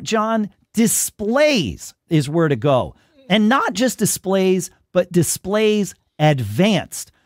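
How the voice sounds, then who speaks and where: A man hosting a casual tech podcast, talking in an animated way and ranting in mock exasperation. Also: mid-range voice, no echo, clean studio sound. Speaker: podcast host.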